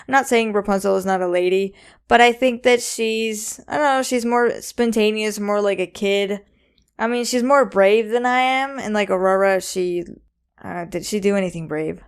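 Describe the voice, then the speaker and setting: A woman's voice: mid-range voice, normal speed, smooth. A young woman hosting a casual solo podcast, rambling with lots of ums and likes, a bit anxious and self-conscious. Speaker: podcast host.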